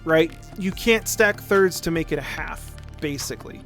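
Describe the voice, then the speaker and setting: Pitched on the high side and a touch bright, this man talks at a moderate pace. He's a streamer loosely explaining music theory mid-game, looping back over words and tossing in "right?" again and again.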